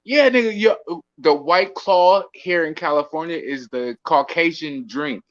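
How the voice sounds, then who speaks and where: A man's voice: fairly high pitch, a little slow, highs cut off. A man joining a livestream as a guest, laid-back and laughing often.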